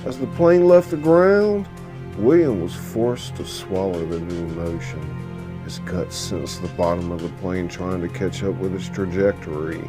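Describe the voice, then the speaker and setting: A man reads a story aloud, taking his time over every line. His voice is low and mellow, and he reads at a slow, measured pace. Soft music plays faintly underneath. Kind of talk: audiobook narration.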